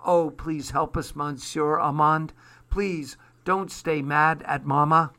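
A man's voice: on the high side, steady tone, takes it slowly, pushed and bright, voice pushed up, heavily acted. A man reading a story aloud, voicing frightened, tearful young children in a raised voice. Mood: pleading. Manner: tearful pleading.

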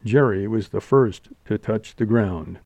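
A man's voice: fairly low pitch, measured pace, creaky, darkish tone, no room sound. A man reading an audiobook aloud, narrating steadily. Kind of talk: scripted narration.

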